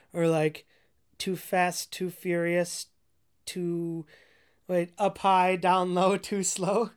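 A woman ranting casually about a movie, rambling with constant "like" fillers, profanity and frequent laughs. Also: fairly low pitch.

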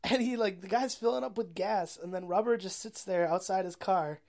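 A woman's voice: medium pitch, moderate pace, darkish tone. A young woman casually recapping a movie plot, rambling, full of "like" and swearing, often laughing. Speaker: movie reviewer.

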